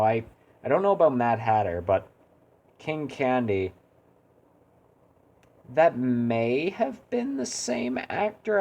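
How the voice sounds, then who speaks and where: A man's voice: mid-range voice, darkish tone. A man streaming a video game, chatting casually and critiquing his own attempts at doing voices. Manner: rambling, self-deprecating. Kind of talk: casual gaming stream chat.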